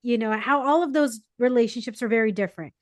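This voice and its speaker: Woman podcast host, rambling and jokey, slightly high voice, dry room. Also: fast talker, no room sound. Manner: chatty, rambling, self-deprecating humor. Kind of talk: casual conversation.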